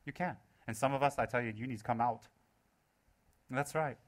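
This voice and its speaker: A man's voice: medium pitch, normal speed. A man giving a live Buddhist teaching, asking rhetorical questions, repeating key phrases and teasing his listeners. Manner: playful, teasing listeners between points. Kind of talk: live Dharma talk to an audience.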